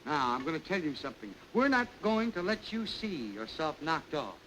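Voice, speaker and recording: A man's voice: on the high side, big pitch swings, moderate pace, sharp tone, low-quality recording. A man hosting a revue, rambling through a comic sketch in a mock-pompous, playful way. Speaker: master of ceremonies. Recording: hissy 1929 film soundtrack.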